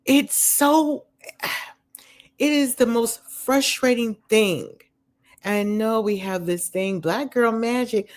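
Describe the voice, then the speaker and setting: Her voice is on the high side and her pace is slow. In a casual chatty recap, she goes over a reality show from home beside a dog, rambling with frequent "um"s and "you know"s and being candid about what she thinks.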